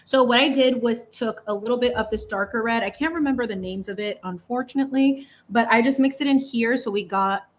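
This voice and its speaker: A young adult woman chats in a loose, expressive way while she paints on a live stream. She laughs often and drags out words for emphasis, moving between warm thanks to her viewers and heartfelt talk. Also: a little high, brisk, few pauses. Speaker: painting livestream host. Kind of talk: casual chat while painting.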